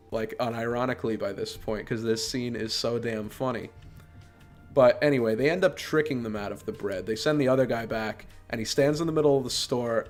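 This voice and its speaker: A man hosting a podcast, giving a casual, sarcastic and exasperated review of a movie. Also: mid-range voice.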